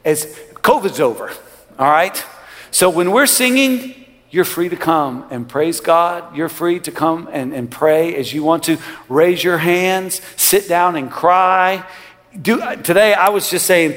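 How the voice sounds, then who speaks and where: A male pastor preaching a sermon, swinging from loud rising lines to quiet low ones. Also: animated, slow pace. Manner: preaching with sudden loud rises and quiet drops. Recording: long hall reverb.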